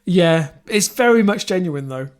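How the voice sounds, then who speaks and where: High-voiced man reading news aloud. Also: animated. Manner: reads quotes aloud, halting with fillers and restarts. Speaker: podcast co-host reading news stories. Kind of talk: casual comedic podcast chat.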